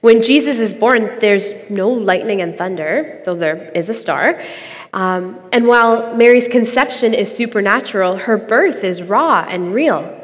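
A woman's voice: mid-range voice, animated, a little slow, in a large hall. A young adult woman hosting a podcast, giving an earnest, conversational devotional reflection and laughing easily.

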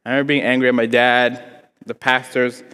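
A young man from Africa giving an animated, joking sermon to a congregation, telling a story from his childhood and acting out the voices in it. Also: medium pitch, a little fast, smooth. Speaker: preacher. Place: church hall before a congregation. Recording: long hall reverb.

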